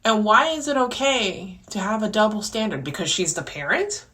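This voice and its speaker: A woman's voice: medium pitch, very animated, normal speed, sharp tone. A woman hosting a podcast, talking in a frustrated, rambling monologue full of restarts. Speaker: podcast host. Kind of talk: casual venting monologue.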